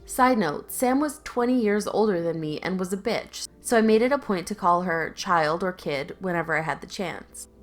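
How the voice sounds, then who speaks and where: A woman's voice: on the low side, normal speed, few pauses, faint music behind. A woman narrating online stories aloud in a conversational, lightly sarcastic reading style, with casual asides. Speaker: YouTube story narrator.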